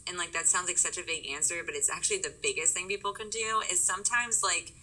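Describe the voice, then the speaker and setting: A woman's voice: lowish voice, steady tone, quick pace, sharp tone, rough recording. A young woman talking casually and openly in a conversation, with many fillers. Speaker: guest sharing her experience. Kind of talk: casual chat.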